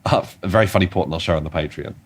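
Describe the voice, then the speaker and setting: A man's voice: deep voice, rapid-fire, slightly rough. A man co-hosting a comedy podcast, chatting casually and telling rambling stories full of restarts. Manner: rambling, self-interrupting storytelling with restarts. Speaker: podcast co-host.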